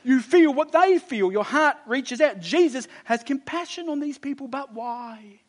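A fairly high-pitched man delivers a sermon with real conviction. He drives his points home hard, then drops low and intense, and slips easily into casual, chatty storytelling between passages. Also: animated, unhurried. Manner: emphatic, swings from loud exhortation to low intensity; conversational storytelling asides. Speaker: preacher.

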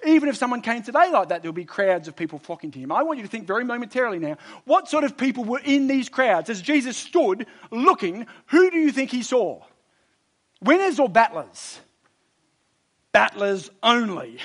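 High-voiced man preaching emphatically. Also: big pitch swings, moderate pace. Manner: emphatic, swings from loud exhortation to low intensity; conversational storytelling asides. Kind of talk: sermon.

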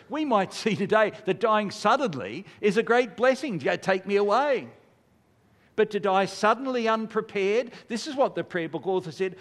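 A man's voice: high voice, expressive, moderate pace. An older man preaching a sermon, earnest and building to emphatic rhetorical questions. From Australia. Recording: long hall reverb.

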